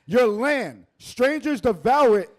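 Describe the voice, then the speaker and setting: A man with a high, lively voice reading scripture aloud, verse by verse, at the preacher's call. His delivery is plain and deferential. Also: slow. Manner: deferential, addresses the preacher as sir. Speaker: scripture reader.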